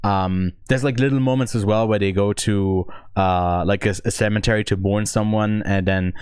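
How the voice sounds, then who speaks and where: A man's voice: on the low side, fairly even intonation, normal speed, a little mellow, smooth, dry recording, clean studio sound. A man co-hosting a podcast, chatting casually about a film, thinking aloud with lots of hesitant restarts. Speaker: podcast co-host, film reviewer. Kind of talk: casual film review chat.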